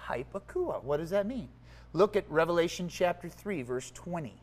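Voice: mid-range voice, normal speed. A preacher giving a conversational sermon, explaining word meanings and asking the listeners questions. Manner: animated and conversational, swinging from quiet asides to emphatic exclaims; teaches word meanings and asks the audience questions.

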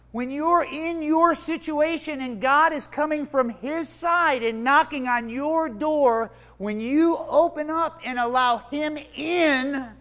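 A preacher giving a conversational sermon, explaining word meanings and asking the listeners questions. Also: high voice. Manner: animated and conversational, swinging from quiet asides to emphatic exclaims; teaches word meanings and asks the audience questions.

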